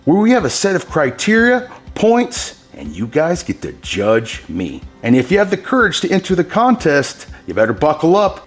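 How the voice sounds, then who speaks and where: Upbeat man coaching an epoxy tutorial. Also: mid-range voice. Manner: enthusiastic, exclaims at his results, coaches with pro tips. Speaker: host demonstrating epoxy countertop techniques. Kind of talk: hands-on tutorial talking to viewers.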